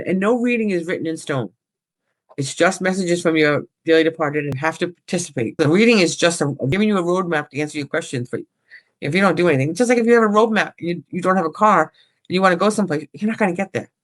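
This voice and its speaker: A woman working as a psychic medium, talking casually and rambling as she relays messages from spirits. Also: low-pitched. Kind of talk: casual paranormal chat.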